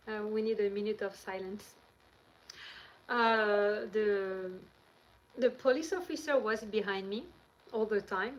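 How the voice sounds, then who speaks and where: A woman's voice: mid-range voice, a little hiss or hum, low-quality recording. A woman from France with a French accent, hosting a live stream and telling rambling, chatty stories into her handheld phone. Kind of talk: casual live-stream chat.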